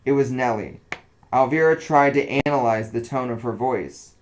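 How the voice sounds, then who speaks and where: A man narrating a story aloud in a relaxed, casual reading voice. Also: medium pitch, unhurried, low-quality recording.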